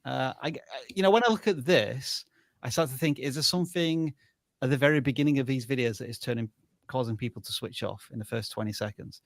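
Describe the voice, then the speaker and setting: A man's voice: mid-range voice, fairly quick, no room sound. Thoughtful hedging male co-host. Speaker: co-host reviewing channels. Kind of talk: live channel review chat.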